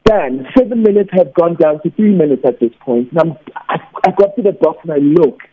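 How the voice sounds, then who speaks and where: A man, a teacher and radio host, calling in to tell an animated story and acting out the people in it. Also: a little high, fairly quick, breathy edge. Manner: animated anecdote, acts out quoted voices. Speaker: teacher and weekend radio host, phone guest. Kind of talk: storytelling on a phone call. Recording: tinny phone line.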